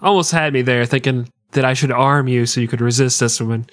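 A man's voice: mid-range voice, fairly even intonation, brisk, a bit bright, no room sound. A man co-hosting a comedy podcast, riffing profane bits and acting out silly scenes. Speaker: podcast co-host. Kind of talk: improvised comic banter.

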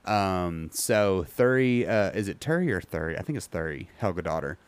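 Rambling low-voiced male podcast host. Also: lively intonation, smooth, no echo. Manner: rambling, many ums, reads aloud haltingly. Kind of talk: casual podcast chat.

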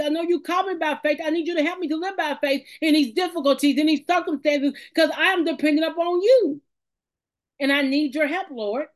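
A woman delivers a sermon in a high, light voice. She speaks earnestly, circling back on key phrases to drive them home, and her feeling rises as she goes. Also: a little mellow. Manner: earnest, repeats phrases for emphasis, rising emotion. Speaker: preacher.

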